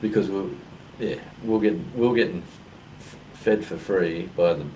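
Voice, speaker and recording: A man's voice: low voice, normal speed, a little mellow. An Australian man co-hosting a casual chat, telling rambling stories with lots of fillers. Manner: rambling storyteller with many fillers. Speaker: co-host. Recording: distant mic with clear background noise.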